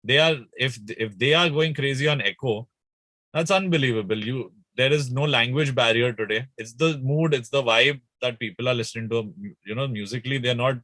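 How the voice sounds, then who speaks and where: Man, young musician guest; bright, tense tone, close and dry, loose rambling chat. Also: medium pitch, fairly quick, dry recording. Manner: animated, rambling with restarts and fillers. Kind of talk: casual interview chat.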